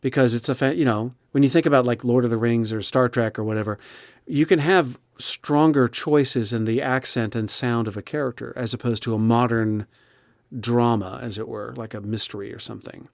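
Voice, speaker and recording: A man's voice: mid-range voice, steady tone, moderate pace, vocal fry, no echo, studio quality. A man who narrates audiobooks, chatting expressively in an interview with frequent restarts. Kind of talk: casual interview chat.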